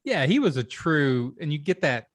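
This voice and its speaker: A man hosting a podcast and adding thoughtful, measured comments in casual conversation. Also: on the high side, big pitch swings, dry recording. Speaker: podcast host.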